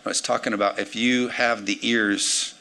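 A man in his forties, a pastor preaching a sermon with energetic swings between loud emphasis and quiet asides. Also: fairly low pitch, normal speed, creaky. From United States. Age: 40s.

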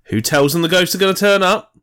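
A man's voice: high voice, quick pace, noisy background. A man co-hosting a podcast in casual banter, blunt and teasing, with plenty of swearing. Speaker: podcast co-host. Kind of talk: casual chat.

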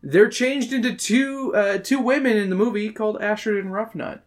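A man's voice: high-pitched, fairly even intonation, moderate pace. A man co-hosting a podcast in casual chat, rambling with lots of fillers, restarts and casual swearing. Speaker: podcast co-host.

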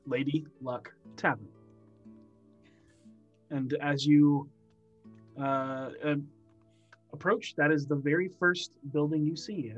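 A man's voice: a little high, husky, poor audio. A man narrating a tabletop game, describing scenes and prompting the players.

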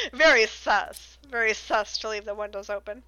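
A woman's voice: on the high side, very animated, unhurried, bright, forceful tone. A woman co-hosting a podcast, recapping a book in a giggly, rambling, sarcastic casual chat.

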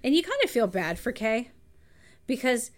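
A woman's voice: on the high side, very animated, moderate pace. Chatty woman chiming in with commentary. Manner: chatty, adds commentary and finishes the other's sentences. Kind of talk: casual chat about a film.

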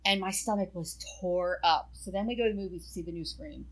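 A woman in casual chat, telling an animated personal story and swearing freely. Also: lowish voice, quick pace, poor audio.

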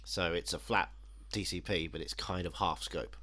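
A man hosting a casual podcast, ranting in an animated, sardonic way. His voice is bright and fairly low. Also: moderate pace. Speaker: podcast host. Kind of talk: casual chat.

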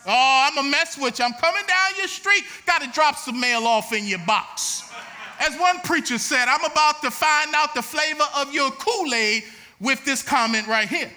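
A man preaching a sermon, swinging between shouted lines and quieter teaching. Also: extremely high pitch. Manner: shouting, preaching with rising intensity.

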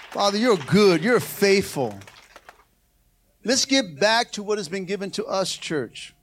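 A high-pitched man preaching from the pulpit as pastor. He exhorts the congregation in an animated way, with repeated calls of come on and hallelujah. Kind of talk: sermon.

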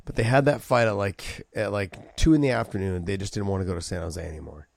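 A man co-hosting a podcast as a former fighter, telling stories in a casual, profane, animated way full of fillers. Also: lowish voice, quick pace, vocal fry. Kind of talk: casual chat.

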